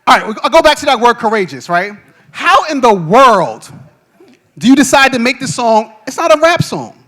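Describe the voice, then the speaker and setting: A middle-aged man with a fairly high voice hosts a podcast before a live crowd. He tells stories with energy, stumbling over his starts and often checking in with "right?". He laughs easily as he talks. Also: big pitch swings, moderate pace, a bit bright. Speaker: podcast host. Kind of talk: animated storytelling to a live audience.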